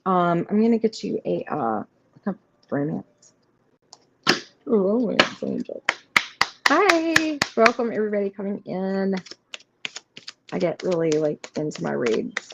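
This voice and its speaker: This woman hosts a live tarot session, rambling casually through the cards with plenty of fillers and addressing viewers directly to reassure them. Her medium-pitched voice is very animated and unhurried, with frequent pauses. The stream sound is a little muffled and carries faint noise.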